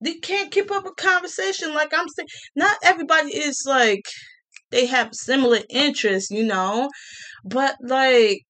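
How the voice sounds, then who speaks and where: A woman ranting casually to her viewers, sassy and animated, with colloquial speech, repeated words and mocking quoted voices. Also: sits high, normal speed. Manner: colloquial, with many restarts and repeats. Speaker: vlogger. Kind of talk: casual rant to camera.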